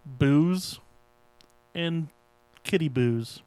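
A man's voice: fairly high pitch, drawn-out words, warm tone, clean tone, no room sound, low-quality recording. A man co-hosting a casual chat, trading dry wisecracks and correcting the others on details.

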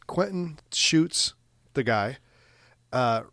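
A man's voice: medium pitch, expressive, drawn-out words, bright, forceful tone, no echo, clean studio sound. A man co-hosting a casual movie podcast, rambling, laughing often and swearing casually. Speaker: podcast co-host.

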